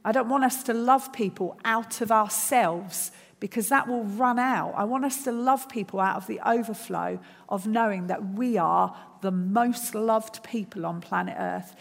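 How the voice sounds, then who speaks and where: A woman's voice: medium pitch, unhurried, vocal fry, in a large hall. A woman preaching a sermon at a church service. She speaks earnestly and builds her points through repeated phrases.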